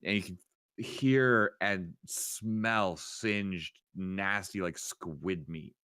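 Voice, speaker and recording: Low smooth-voiced man running a tabletop game. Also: drawn-out words, sharp tone, no room sound, clean studio sound. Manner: casual, swears freely, trails off with fillers. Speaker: dungeon master.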